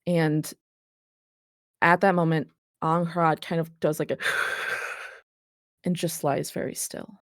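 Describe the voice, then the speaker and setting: A woman's voice: deep voice, little pitch movement, takes it slowly, pauses often, dry recording, studio quality. A woman narrating a tabletop role-playing game as game master, describing scenes vividly and calling for dice checks.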